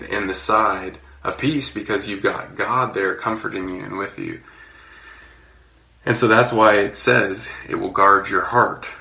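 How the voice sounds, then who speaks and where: Man, sermon, low gravelly voice, bright tone, conversational, echoey room. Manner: conversational, relaxed storytelling with fillers. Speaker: pastor.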